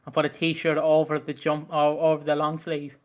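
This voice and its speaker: A man's voice: on the high side, completely flat delivery, normal speed. A young man co-hosting a podcast, teasing and joking casually with plenty of swearing. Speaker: podcast co-host.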